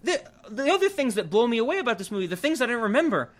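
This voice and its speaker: A man co-hosting a casual film review podcast, rambling and animated with frequent restarts. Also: extremely high pitch, quick pace. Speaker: podcast co-host. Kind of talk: casual movie review chat.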